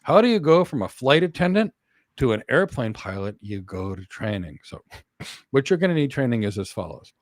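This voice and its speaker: A middle-aged man hosting a career Q&A, talking emphatically through rhetorical questions and analogies with big swings in pitch and loudness. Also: big pitch swings, normal speed, dry recording, studio quality. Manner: teaches through analogies and examples. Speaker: host answering career questions.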